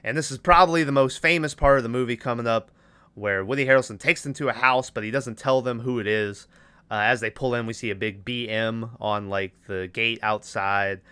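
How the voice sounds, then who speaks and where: A young podcast host walks through a movie scene by scene in a relaxed recap, tossing in loosely quoted lines and laughing along. His mid-range voice is steady, smooth and sharp, a little fast, and recorded dry.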